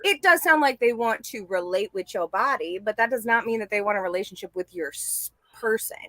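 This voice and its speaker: A woman in casual panel talk, animated and acting out quotes. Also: mid-range voice, brisk, no room sound. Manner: animated, acts out quoted voices.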